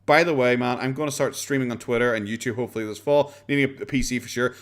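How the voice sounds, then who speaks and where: A man's voice: mid-range voice, steady tone, fast, fairly bright tone. An Irish man reacting to a video on a home stream, sarcastic and sweary, full of fillers. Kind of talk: casual reaction commentary.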